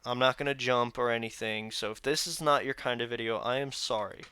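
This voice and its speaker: Young man, weary grumbling vlog talk, bright clear voice, dry sound. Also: medium pitch, fairly even intonation, brisk, no echo. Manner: weary and grumbling, venting frustration. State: tired. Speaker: reaction channel host. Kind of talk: casual vlog chat to camera. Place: indoor room, seated. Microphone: phone camera.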